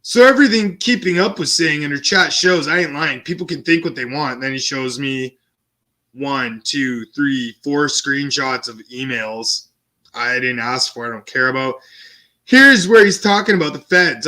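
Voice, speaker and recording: Bright, profane young streamer. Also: male voice, medium pitch, normal speed. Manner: animated and profane, switching between quoting and commenting. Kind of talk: casual storytime, reading out messages.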